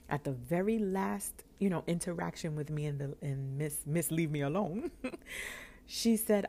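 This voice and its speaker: A woman's voice: fairly low pitch, unhurried. A woman in her thirties from New York, hosting a podcast and telling a personal story, acting out the dialogue with laughs. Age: 30s. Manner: animated, acts out dialogue with laughs. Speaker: podcast host.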